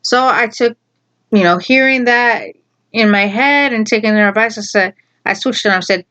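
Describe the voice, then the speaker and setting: A storyteller vlogger recounts something from her school days, rambling casually, repeating herself and throwing in animated asides. Her voice is on the high side and her pace normal.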